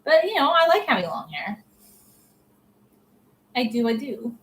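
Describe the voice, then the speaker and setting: A woman's voice: on the high side, very animated, unhurried, a bit bright, low-quality recording. A young adult woman chatting casually to camera as a vlogger, opinionated and full of "like" fillers.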